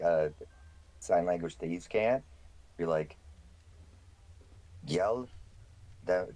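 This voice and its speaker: A man playing in a tabletop game, describing his character's actions in an unhurried way. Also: low voice, dark tone. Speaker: player. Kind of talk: casual tabletop play.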